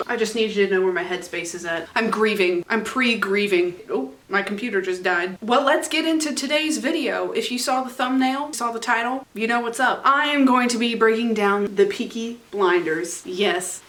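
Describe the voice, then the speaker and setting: A woman's voice: on the high side, moderate pace, few pauses, fairly bright tone. A woman vlogging from a room at home, recapping a TV show in a rambling, casual way and often laughing at herself. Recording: roomy echo.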